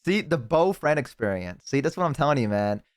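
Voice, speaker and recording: A young man streaming and chatting casually with a friend on a call, excitable and swearing a lot, with sudden high-pitched outbursts. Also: fairly quick, smooth, no echo, clean studio sound. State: has the hiccups.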